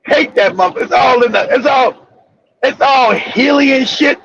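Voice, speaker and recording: A man hosting a casual talk show, telling rambling, profane stories with bursts of shouting. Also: very high-pitched, moderate pace, noisy background. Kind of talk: casual storytelling chat. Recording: dull lo-fi audio.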